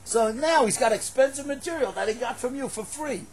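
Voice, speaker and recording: A man's voice: extremely high pitch, a little fast, breathy edge, voice pushed up. A man voicing a spiteful queen in a told story, speaking in a sly, confiding way. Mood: scheming.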